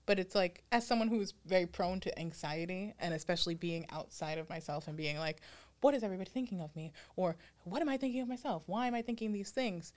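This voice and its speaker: A woman co-hosting a podcast, talking in a relaxed, reflective way. She laughs often and slips into playful high voices when she quotes her own thoughts. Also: fast talker. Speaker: podcast co-host. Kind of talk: casual chat.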